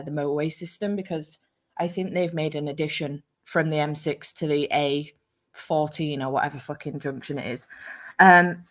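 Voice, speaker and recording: A young woman, chatting casually with live viewers, swearing freely and poking fun at herself. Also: sits low. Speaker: book channel host.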